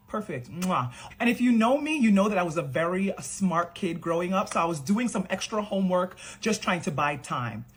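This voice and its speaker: A young woman telling an animated storytime vlog, acting out the people she quotes. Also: mid-range voice, husky. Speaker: beauty creator.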